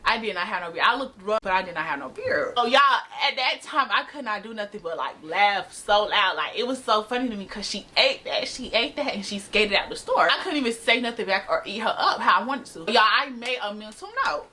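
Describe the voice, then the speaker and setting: A young woman telling a casual, animated storytime to camera, slangy and laughing often. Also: mid-range voice, brisk, few pauses. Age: young adult. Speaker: storytime vlogger. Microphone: camera mic.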